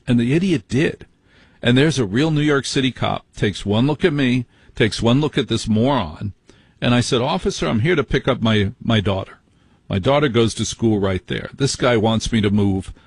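Male late-night radio host, husky voice, blunt and indignant, dry close sound. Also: medium pitch, normal speed, no echo. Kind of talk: call-in radio talk.

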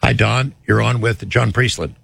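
A man's voice: lowish voice, normal speed, vocal fry, a bit bright, breathy edge, no echo. A man hosting a radio talk show, taking calls and steering the talk. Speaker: radio host.

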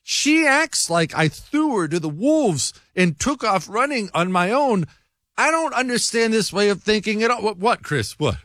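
An exasperated male talk radio host tells his story with a wildly swinging, slightly high voice. He leaps upward for emphasis and drops low again. The sound is close and dry, with no room around it. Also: sing-song, normal speed, fairly bright tone, no room sound. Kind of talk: animated talk radio monologue.

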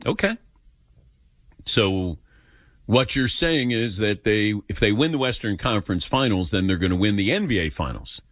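A man's voice: fairly low pitch, normal speed, no room sound, studio quality. A man hosting a sports call-in radio show, telling a story and acting out the voices in it. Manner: animated, acts out voices in anecdotes. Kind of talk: casual storytelling and taking calls. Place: radio studio.

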